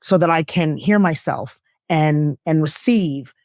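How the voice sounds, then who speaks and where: A woman guest, an actress and lifestyle coach, speaking earnestly and reflectively in a candid conversation, her voice jumping up when she laughs or gets excited. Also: unhurried, no room sound, clean studio sound. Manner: earnest and reflective, with bursts of laughter and pitch jumps.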